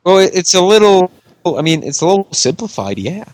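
A man's voice: sits high, very animated, brisk, no echo. A man co-hosting a casual podcast, teasing and contrarian, laughing often. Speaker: podcast co-host. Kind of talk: casual chat.

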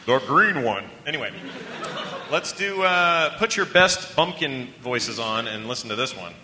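A man's voice: medium pitch, expressive, unhurried, big-room sound, noisy background. A man co-hosting a casual movie commentary podcast, joking and rambling and laughing often. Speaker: podcast co-host.

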